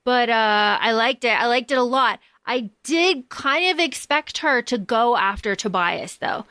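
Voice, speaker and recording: A woman's voice: a little high, measured pace, dry recording. A woman co-hosting a podcast, casually recapping a book with lots of fillers like "like" and "uh". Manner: relaxed, filler-heavy, recaps plot. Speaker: podcast co-host.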